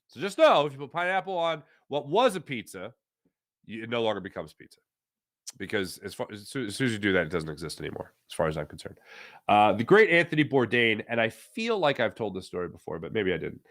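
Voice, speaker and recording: A man's voice: lowish voice, big pitch swings, fast talker, a bit bright. Playful opinionated man chatting. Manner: playful, opinionated rants with frequent fillers. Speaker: sports talk show host reading viewer comments. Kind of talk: casual live-stream chat.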